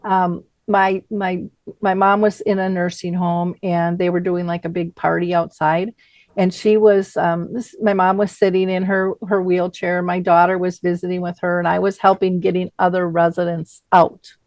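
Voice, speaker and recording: A middle-aged woman hosting a casual panel chat, telling a story in an earnest, deliberate way. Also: lowish voice, level tone, darkish tone, no room sound. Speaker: host.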